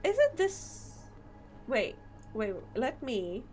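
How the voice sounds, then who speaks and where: Woman streamer, gameplay commentary, excitable and laughing, unhurried pace, widely swinging high voice. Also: faint music behind. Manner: excitable, laughing, incredulous reactions.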